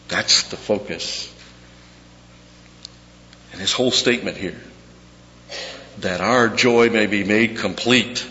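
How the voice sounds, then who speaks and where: A man preaching an expository sermon in a slow, deliberate cadence, his voice bright and forceful and a bit low. He repeats key words for emphasis. The sound is dull and carries a long hall reverb over a faint hum.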